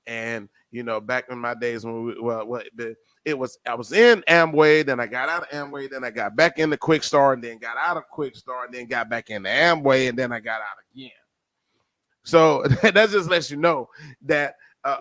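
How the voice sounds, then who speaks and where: A man with a New Jersey accent hosting a casual podcast, addressing listeners as family and swinging between loud and soft. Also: a little high, dry recording. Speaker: podcast host.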